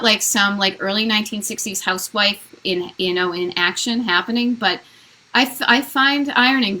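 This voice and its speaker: A woman's voice: mid-range voice, pushed and bright, poor audio. A woman chatting casually from her living room during a live video, rambling with lots of fillers and restarts. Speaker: vlogger hosting a live Q&A. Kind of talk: casual live-stream chat.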